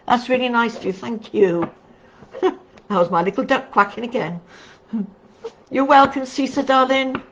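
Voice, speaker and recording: A woman's voice: mid-range voice, measured pace, pauses often. Chatty, affectionate middle-aged woman reading tarot. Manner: chatty and affectionate, calls viewers darling. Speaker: tarot card reader. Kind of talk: casual livestream reading and chat. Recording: dull lo-fi recording with faint noise.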